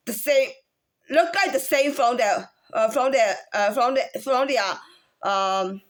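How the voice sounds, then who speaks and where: High-voiced woman with halting speech. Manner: halting, many restarts and fillers; demonstrates different speaking tones. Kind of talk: casual spoken monologue.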